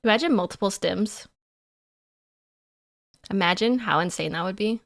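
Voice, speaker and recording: A woman's voice: mid-range voice, moderate pace, gravelly. A woman livestreamer chatting casually with her chat in a playful, giggly way.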